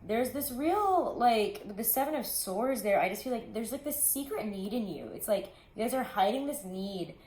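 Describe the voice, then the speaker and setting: A woman's voice: fairly high pitch, expressive, moderate pace, hardly any pauses, a little mellow, roomy sound. A woman giving a casual tarot reading, talking in a rambling, chatty way with lots of asides. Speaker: tarot reader.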